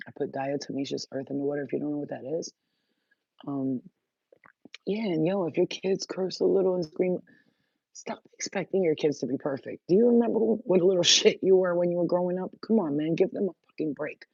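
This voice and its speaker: A woman's voice: on the low side, brisk, creaky, a little mellow, breathy edge, dry recording, dull audio. A woman talking blunt, rambling and profane in a casual live-stream chat, working as a spiritual channeler.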